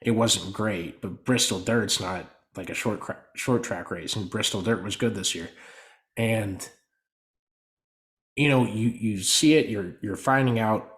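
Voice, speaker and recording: A man co-hosting a casual motorsport podcast. He talks in an animated way and his volume swings up and down. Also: lowish voice, measured pace. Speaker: podcast co-host. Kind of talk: casual sports podcast chat.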